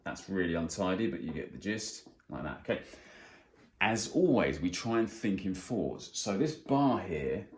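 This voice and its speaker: A man teaching a guitar music theory lesson, explaining plainly and counting beats out loud. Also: low voice, lively intonation, measured pace. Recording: roomy sound with faint guitar.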